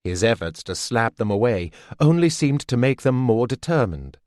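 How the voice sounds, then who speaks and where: A man reading a fantasy audiobook as scripted narration, in a measured, deliberate way. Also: medium pitch, very animated, a little mellow, dry recording, clean studio sound.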